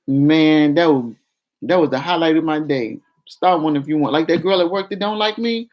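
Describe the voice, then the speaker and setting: Animated woman telling a story. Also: moderate pace. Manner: animated, acts out quoted voices with raised pitch. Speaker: vlogger. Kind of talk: casual storytelling to viewers.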